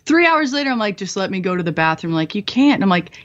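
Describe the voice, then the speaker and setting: A young woman guest in her twenties, telling dark stories bluntly and profanely, often laughing, in a slightly muffled recording. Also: medium pitch, very animated, fast, hardly any pauses. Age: 20s. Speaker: guest, former bomb disposal technician. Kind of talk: candid storytelling interview.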